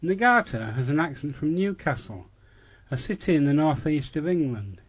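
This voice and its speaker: A man sending in recorded feedback to a podcast, reading out informative notes in a measured way. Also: on the high side, sing-song, slightly rough, dull audio. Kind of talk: read-out commentary.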